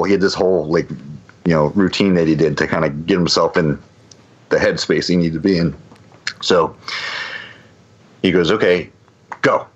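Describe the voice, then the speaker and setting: On a podcast, a low-pitched man rambles through a long story, with many restarts and fillers. He's a guest telling it casually, and the audio is dull.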